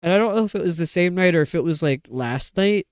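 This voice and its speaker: Young guy rambling on a game stream, bit high voice, smooth and dry. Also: animated, fast talker, no echo. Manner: rambling, chatty, lots of fillers. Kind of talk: casual chat while playing a game.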